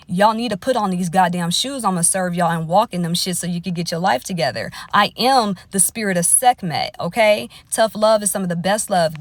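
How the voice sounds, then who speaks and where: A woman's voice: mid-range voice, dry recording. A woman astrologer talking on a livestream from inside her parked car, lecturing bluntly with plenty of swearing and tough love. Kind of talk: casual livestream monologue.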